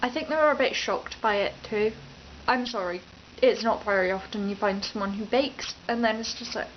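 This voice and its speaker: A young woman from England's East Midlands vlogs at home, chatting unscripted into her camera mic and rambling, often cutting herself off mid-sentence. Her voice is mid-range and moderately paced with hardly any pauses. The audio is dull, with a faint hiss or hum.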